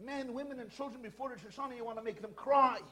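A male rabbi delivers a Torah lecture with a strikingly high voice for a man. He tells stories and fires rhetorical questions at his listeners. He raises his voice to a shout to drive his points home. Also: fast. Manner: animated, shouts for emphasis, asks rhetorical questions.

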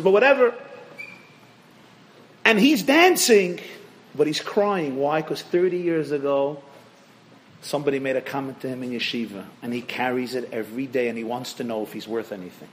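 A man giving a sermon as a rabbi, telling stories animatedly, questioning the audience directly, and swinging sharply between loud and hushed. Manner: animated storytelling, rising and dropping sharply in pitch and volume.

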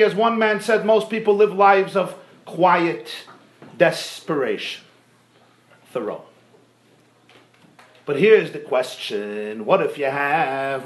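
A man gives a sermon as a rabbi in a high, bright voice. He is animated and rhetorical, dropping into soft asides and then climbing to loud, emphatic peaks.

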